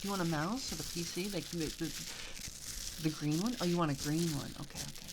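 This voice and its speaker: A streamer chatting casually on a live stream, giggly and full of fillers, reacting to chat messages. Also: female voice, sits low, brisk. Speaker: VTuber streamer. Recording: audible background noise.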